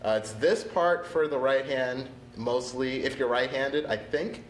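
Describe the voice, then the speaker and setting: A man's voice: mid-range voice, unhurried, reverberant, slight background noise. A man teaching on a casual livestream, chatty and laid-back, laughing often and apologizing freely. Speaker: percussion instructor on a livestream.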